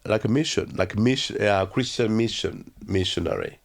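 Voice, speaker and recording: Low-voiced guy from uganda telling his story, lots of um you know and restarts, kinda slow going. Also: vocal fry. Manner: halting, many fillers and restarts. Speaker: guest. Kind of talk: storytelling interview.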